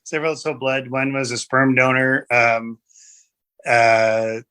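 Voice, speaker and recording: A middle-aged man, a comedy writer guest, chatting on a podcast in a relaxed, wry way. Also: medium pitch, slow pace, clear, resonant tone. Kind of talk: casual podcast chat.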